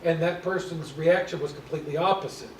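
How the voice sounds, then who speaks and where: A man's voice: fairly high pitch, fairly quick, slight background noise. A man speaking as a guest, telling his own experiences in an earnest, storytelling way. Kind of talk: sharing personal experiences. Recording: echoey room from far off.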